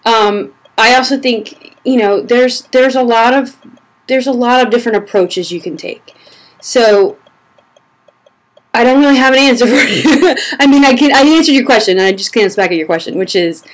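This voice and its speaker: A woman's voice: a little high, normal speed. A young woman chatting casually to camera as a blogger answering reader questions, a little short of breath, rambling with fillers and restarts. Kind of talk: casual vlog chat.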